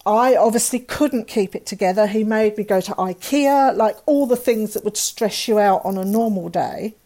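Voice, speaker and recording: A woman's voice: mid-range voice, moderate pace, warm tone. A middle-aged woman, a guest telling a painful personal story candidly and acting out the dialogue of others.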